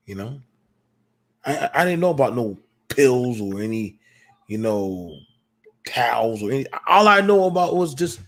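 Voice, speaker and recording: A man hosting a casual call-in podcast, telling personal stories in a lively, preachy way with slang. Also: medium pitch, normal speed. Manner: animated, preachy storytelling with slang. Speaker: podcast host.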